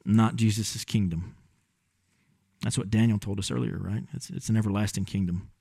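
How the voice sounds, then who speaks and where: A man preaching a sermon in a conversational, animated way. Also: lowish voice, moderate pace, gravelly, breathy edge, dry recording, studio quality. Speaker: pastor.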